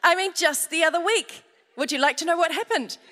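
An Australian woman pastor preaches with lively humor, turning her family stories into lessons and drawing answers from the congregation. Her voice sits high and bright, and it rings out through the long reverb of a large hall. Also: a little fast. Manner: humorous storytelling with audience call-outs. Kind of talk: sermon.

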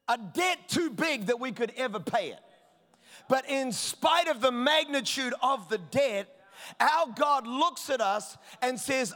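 A man preaching a sermon as pastor, driving points home with emphasis and rising to shouts. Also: extremely high pitch. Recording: long reverb of a large hall.

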